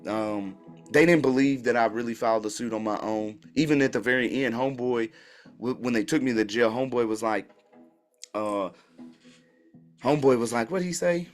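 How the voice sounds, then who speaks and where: A man hosting his own channel tells a story in a casual, animated way, full of slang and remarks aimed straight at his listeners. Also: mid-range voice, moderate pace, faint music behind. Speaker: channel host.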